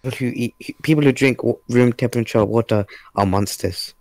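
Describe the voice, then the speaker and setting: A man's voice: medium pitch, fairly quick, darkish tone, dry recording. A man on a voice call adding laid-back side comments to a group chat. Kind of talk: casual group chat on a live stream.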